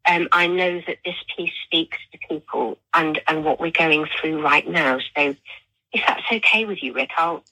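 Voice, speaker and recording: A woman author and therapist, a guest in an interview, reading her own poem in a slow, soft, measured way. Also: deep voice, slightly rough, rough recording.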